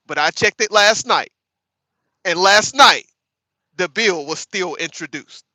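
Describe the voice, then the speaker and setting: A man hosting a casual livestream, chatting with viewers by name, sarcastic and animated, calling his audience y'all. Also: high-pitched, a little slow, dry recording. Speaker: livestream host. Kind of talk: casual live chat reading viewer comments.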